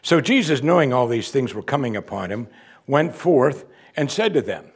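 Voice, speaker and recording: A man's voice: mid-range voice, lively intonation, moderate pace, breathy edge. A man, a pastor, preaching an expository sermon in a conversational way and acting out quotes from the text.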